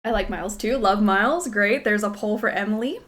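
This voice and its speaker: A woman streamer raised in Kentucky and Texas chats with her viewers while she plays, excitable and quick to giggle. Her voice sits in an ordinary middle register, casual and animated with enthusiasm. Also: medium pitch. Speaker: game streamer. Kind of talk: casual chat while playing a game.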